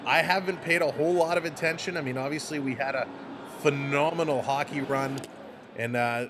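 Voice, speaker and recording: A man's voice: a little high, fairly even intonation, a little fast, background noise. A man hosting a live sports stream, calling plays casually and chatting with his viewers in a rambling way. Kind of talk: casual play-by-play and chat reading.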